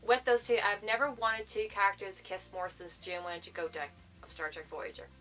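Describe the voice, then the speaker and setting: A woman book vlogger reviewing a novel in a casual, gushing way, bursting into animated exclamations. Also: mid-range voice, brisk, soft background music.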